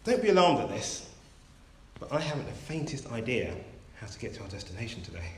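A man's voice: medium pitch, sing-song, natural voice. A man putting on a lost airline captain. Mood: anxious. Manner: brisk and cheery, then anxious. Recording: roomy echo.

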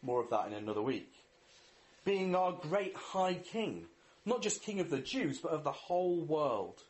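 A man's voice: fairly high pitch, big pitch swings, measured pace. A man preaching a sermon in an earnest way, reading scripture, asking rhetorical questions and leading a prayer.

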